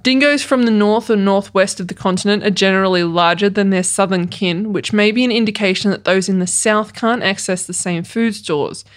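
Co-host, mid-pitch, joking and swearing between facts read from notes. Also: fairly quick, hardly any pauses. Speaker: podcast co-host. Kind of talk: casual chat reading facts.

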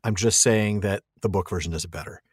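A man's voice: deep voice, fairly quick, breathy edge, no echo, clean studio sound. A man co-hosting a casual podcast, chatty and laughing, retelling events with wry jokes. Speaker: podcast co-host. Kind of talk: casual chat.

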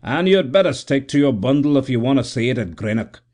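A man voicing a dry, curt stevedore on a ship, pitched well above his own voice. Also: lively intonation, a little fast, darkish tone, natural voice.

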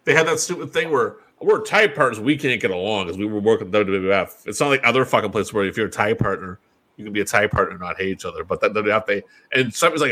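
A man with a husky, slightly raspy voice co-hosts a casual chat. He talks bluntly and swears freely. He drifts between mumbled asides and loud, exasperated outbursts. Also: on the low side, lively intonation, fast. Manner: blunt and profane, ranting. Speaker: podcast co-host.

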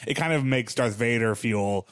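A man's voice: mid-range voice, normal speed, clean tone, dry recording, clean studio sound. A man co-hosting a casual brainstorming chat, rambling, swearing and restarting his sentences. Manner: rambling, profane, restarts often.

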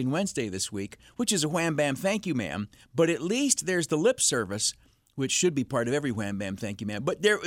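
A radio talk show host, a man with a fairly high-pitched voice, fills the gap between calls on his call-in show with a rambling, sarcastic solo monologue. He keeps leaping into mock voices. The studio sound is clean with no echo.

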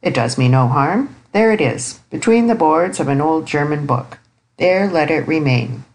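A woman's voice: low voice, animated, moderate pace, darkish tone, rough recording. Woman reading as a dry, grave old uncle. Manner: grave, precise, ironic. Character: stern, dry, elderly bachelor uncle. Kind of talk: audiobook character reading.

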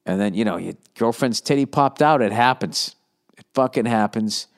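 A man's voice: mid-range voice, moderate pace. A man hosting a casual advice podcast, talking in a blunt, profane, rambling way. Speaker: podcast host answering listener questions.

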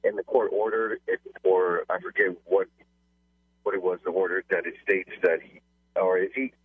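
A polite, slightly hesitant male caller phoning in to a radio show. His voice is low and husky, and it comes through a tinny phone line. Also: little pitch movement, normal speed.

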